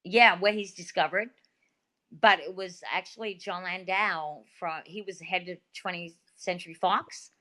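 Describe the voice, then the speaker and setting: Australian lady chatting on a video call, bright sharp voice, rambly and animated. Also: fairly low pitch, unhurried. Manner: chatty, animated storytelling with many fillers. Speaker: guest. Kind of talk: casual interview talk.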